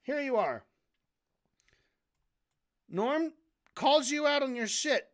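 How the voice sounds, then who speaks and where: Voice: high voice, animated, takes it slowly. A streamer ranting through a debate recap, swearing often, sarcastic, heated and sometimes tripping over repeated words. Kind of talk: casual ranting commentary.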